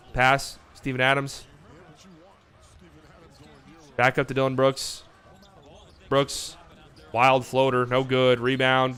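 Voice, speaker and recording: A man hosting a live watch party stream, calling the game in casual play-by-play that swings between calm calls and excited, swearing outbursts. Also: medium pitch, smooth.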